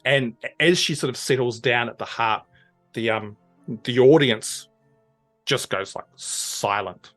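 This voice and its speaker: A man's voice: mid-range voice, slow, fairly bright tone, soft background music. Man narrating a tabletop game. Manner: loose, descriptive storytelling with many fillers. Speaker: game master.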